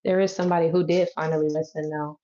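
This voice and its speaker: A woman's voice: sits low, level tone, fast, dark tone. A woman giving a loose, chatty tarot reading who swears and laughs easily. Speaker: tarot reader. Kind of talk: casual tarot reading to camera. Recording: dull lo-fi audio.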